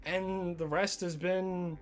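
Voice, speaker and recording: High-voiced young Australian man. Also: little pitch movement, slow. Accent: Australian with some American influence. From Tasmania, Australia. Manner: chatty, answers chat, self-mocking. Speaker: streamer. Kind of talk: casual live-stream chat. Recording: faint music behind.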